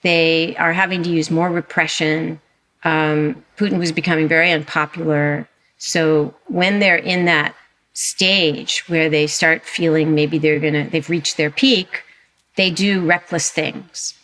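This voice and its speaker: Animated woman, low voice. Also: measured pace. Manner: animated, emphatic, frequent restarts. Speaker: guest historian and author. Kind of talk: conversational interview.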